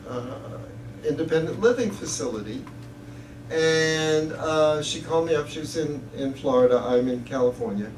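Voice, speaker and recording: A man giving an inspirational talk to an audience, telling chatty stories and laughing at his own jokes. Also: on the high side. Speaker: guest speaker. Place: church hall with audience. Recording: echoey hall, distant mic, faint hiss.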